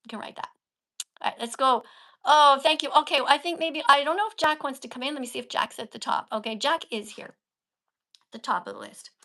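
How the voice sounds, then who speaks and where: A woman's voice: high-pitched, brisk, sharp tone. A woman hosting a casual livestream, talking in an emphatic, coaching way and stressing key words. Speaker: livestream host and vegan teacher.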